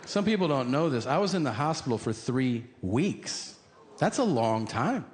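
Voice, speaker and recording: A man's voice: mid-range voice, big pitch swings, moderate pace. A man performing a stand-up comedy set on stage, telling profane stories and acting out the dialogue. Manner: conversational, profane storytelling with acted-out dialogue. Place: comedy stage before a live audience. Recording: live stand-up with loud crowd and room noise. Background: loud audience laughter.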